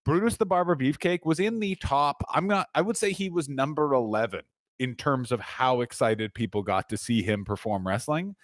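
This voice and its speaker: Profane, animated man co-hosting a podcast. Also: medium pitch, normal speed, dry recording, studio quality. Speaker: podcast co-host. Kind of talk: crude comedic banter. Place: corner of his living room.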